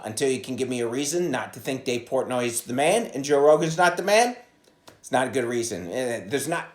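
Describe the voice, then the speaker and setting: Profane rambling comedian, echoey phone audio. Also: male voice, fairly low pitch. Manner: profane, rambling, jumps into loud impressions. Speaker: stand-up comedian. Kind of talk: casual solo podcast monologue. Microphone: phone propped against a coffee cup.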